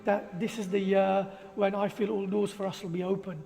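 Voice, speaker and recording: High-voiced man giving a rousing talk. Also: flat delivery, normal speed, gravelly, dark tone. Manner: emphatic, fires rhetorical questions. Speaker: motivational speaker. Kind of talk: motivational talk to a group. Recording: echoey hall with faint music.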